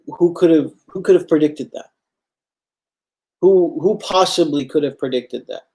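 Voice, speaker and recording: A man with a slightly high, somewhat mellow voice delivers a Friday sermon as imam. He's earnest and repeats himself for emphasis, addressing his listeners as brothers and sisters.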